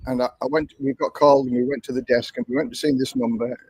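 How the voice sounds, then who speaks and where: A man's voice: mid-range voice, steady tone, fast talker, darkish tone, breathy edge, dry recording, poor audio. An older man with an English accent, telling a long story in a chatty, repetitive way while hosting a livestream. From England. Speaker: livestream host.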